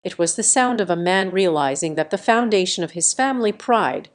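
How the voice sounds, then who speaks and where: A woman reading a first-person revenge story as scripted narration, in an even, measured way. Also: fairly low pitch.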